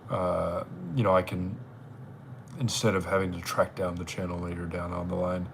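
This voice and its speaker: Casual male streamer, mid-pitched and rambling, with a faint hiss in the background. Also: flat delivery, normal speed. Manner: rambling, chatty. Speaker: livestream host. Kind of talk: casual live-stream chat.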